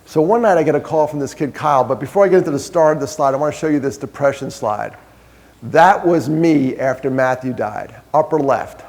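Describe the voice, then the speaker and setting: A man's voice: medium pitch, fairly quick, darkish tone. A man giving a conversational storytelling talk to an audience, full of self-deprecating humor. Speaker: guest speaker. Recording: long hall reverb.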